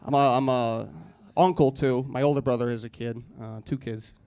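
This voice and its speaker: A man's voice: mid-range voice, steady tone, moderate pace, darkish tone, clear, resonant tone. A man in his thirties doing a rambling stand-up comedy set, self-deprecating and acting out the people he quotes. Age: 30s. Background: audience laughter.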